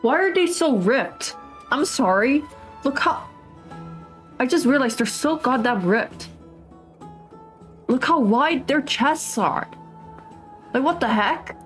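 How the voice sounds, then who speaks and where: A young woman streaming a game, gushing and exclaiming excitedly to her chat. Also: sits high, slow pace, pauses often, poor audio. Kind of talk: casual gameplay livestream. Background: game music.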